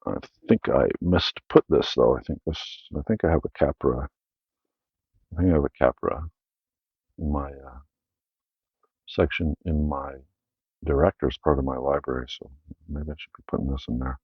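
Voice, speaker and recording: A man's voice: very deep voice, moderate pace, long pauses, breathy edge, no echo, highs cut off. A Canadian man hosting his own channel, casually rambling through his film collection with many fillers and self-corrections.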